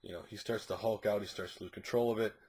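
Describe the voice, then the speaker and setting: A man's voice: lowish voice, steady tone, fast talker, a little mellow, breathy edge. A man reviewing a comic book issue, recapping the plot casually in a rambling way with frequent fillers and restarts.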